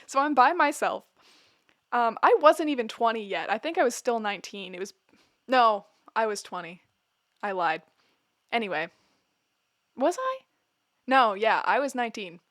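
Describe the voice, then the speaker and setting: A woman around twenty telling a story in a casual vlog, laughing often and joking with wry deadpan humor, rambling and correcting herself as she goes. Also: on the high side, normal speed, pauses often, dry recording, clean studio sound. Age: about 20. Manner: rambling with many fillers and self-corrections. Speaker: vlogger.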